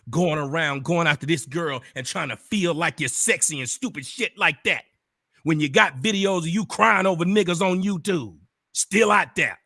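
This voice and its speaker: Man, confrontational profane ranter, wide swooping pitch, breaks into shouts. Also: no echo, studio quality. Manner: bursts into shouting. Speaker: online commentator. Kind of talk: angry direct-address rant.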